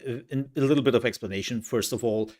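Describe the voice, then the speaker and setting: A man's voice: mid-range voice, fast talker, a little mellow. A young man chatting casually to his livestream viewers, rambling with lots of fillers and laughs. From outside the US, from a country with universal healthcare. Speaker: streamer.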